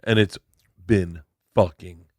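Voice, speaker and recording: Man, low voice, excitable and profane podcast host, dry mic. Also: slow, no echo. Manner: excitable, swears a lot, laughs mid-sentence. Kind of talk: casual chat.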